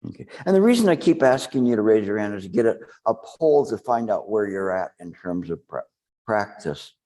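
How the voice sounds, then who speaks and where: A man giving a dharma talk as a meditation teacher to a live group, speaking slowly and deliberately with long pauses. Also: fairly low pitch, big pitch swings, mellow.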